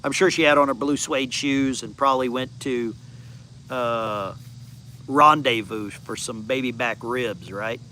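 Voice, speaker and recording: An American channel host in his fifties sits outdoors in his backyard for a casual chat, rambling as he answers viewer comments. His medium-pitched voice is pushed and bright and a little slow, with slight background noise.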